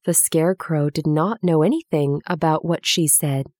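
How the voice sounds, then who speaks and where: Slow, mellow woman reading a story. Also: deep voice, no room sound, clean studio sound. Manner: slow, clear, expressive storytelling. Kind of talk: reading a children's story aloud.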